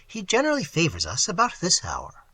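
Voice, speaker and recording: A man's voice: on the high side, wildly swooping pitch, a little fast, sharp tone, breathy edge, dry recording, exaggerated voice. A man reading aloud and voicing a respectable middle-aged husband, earnest and slightly pompous. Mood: peevish.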